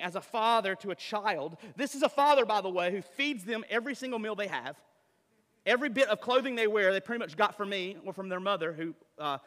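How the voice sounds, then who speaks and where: A man preaches with animated energy, tossing rhetorical questions to his listeners. His voice sits high and bright. It carries a long reverb, as in a large church hall. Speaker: pastor. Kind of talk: sermon.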